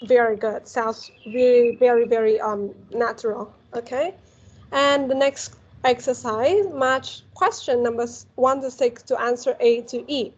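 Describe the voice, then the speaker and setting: A woman's voice: a little high, fairly even intonation, measured pace, husky, muffled recording. A woman with a Vietnamese accent teaching a one-on-one English lesson, patient and encouraging, often saying "very good" and modeling pronunciation.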